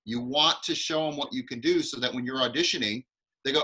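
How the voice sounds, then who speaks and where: A man's voice: medium pitch, fairly quick, pushed and bright, breathy edge, low-quality recording. Upbeat man hosting an acting class. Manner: enthusiastic, encouraging. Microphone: video call.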